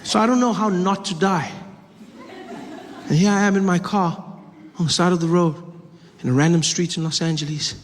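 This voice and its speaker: A man tells a story in a stand-up comedy set in a fairly high voice, acting out each scene. He is recorded live on a stage, with long hall reverb and clear crowd noise behind him. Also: moderate pace, long pauses. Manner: animated, acts out scenes, shifts voices.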